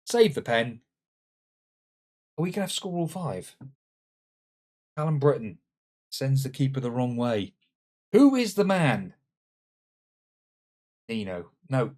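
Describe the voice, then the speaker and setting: A man narrates his football management game in let's-play style. His pitch leaps around as he exclaims at each moment, then drops into low muttered asides. Middle-pitched, lively, and chatty throughout. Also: a little slow, pauses often. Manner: animated, exclaiming, swinging between shouts and muttered asides. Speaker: gaming channel host.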